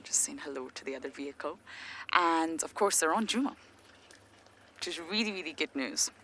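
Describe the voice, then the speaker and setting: A woman's voice: sits low, expressive, moderate pace, pushed and bright. A woman guiding a live safari from an open vehicle, explaining animal behaviour enthusiastically and dropping to a whisper near the animals. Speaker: safari field guide.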